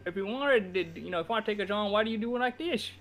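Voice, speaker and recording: A man's voice: high-pitched, quick pace, fairly bright tone, a little hiss or hum. A man playing in a tabletop game, brash in character. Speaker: player. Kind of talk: casual tabletop play.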